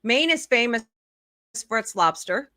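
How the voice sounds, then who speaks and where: A woman host in casual chat, reading odd news items aloud with quick asides and laughs, a little sleepy and yawning. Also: fairly high pitch, expressive, sharp tone.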